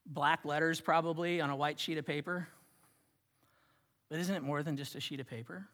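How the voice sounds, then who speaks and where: A man preaching a sermon, swinging from loud emphasis to hushed, near-whispered lines. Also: on the high side, big-room sound. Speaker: pastor.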